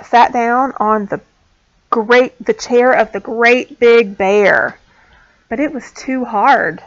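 A woman teacher reading a storybook aloud to small children, clear and expressive. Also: a little high. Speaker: pre-K teacher. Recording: dull lo-fi sound.

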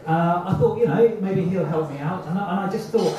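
A man's voice: high voice, brisk, hardly any pauses, far from the mic, crowd noise. A man doing a rambling, self-mocking stand-up set at an open mic night, acting out the voices in his head. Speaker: stand-up comedian. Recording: echoey, muffled amateur club recording from afar.

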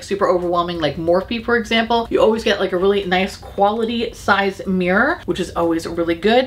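A woman's voice: mid-range voice, fairly bright tone. Giggly, foul-mouthed woman beauty vlogger. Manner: gushing, swears freely, giggly. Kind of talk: casual makeup chat to camera. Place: home in Florida.

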